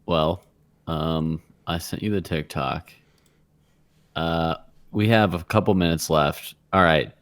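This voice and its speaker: A man's voice: deep voice, fairly even intonation, slow, fairly bright tone, clean tone. A man co-hosting a casual gaming podcast in a laid-back way, trailing off his thoughts. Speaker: podcast co-host.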